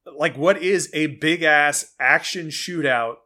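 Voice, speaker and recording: A man's voice: a little high, takes it slowly, bright, forceful tone. A man co-hosting a podcast, describing a scene in loose, filler-heavy chat. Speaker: podcast co-host. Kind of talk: casual recap chat.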